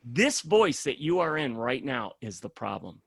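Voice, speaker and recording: A man, a program founder, speaking in a casual podcast conversation as an animated storyteller who acts out the voices he quotes. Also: mid-range voice, unhurried, gravelly, slightly rough, no echo, clean studio sound.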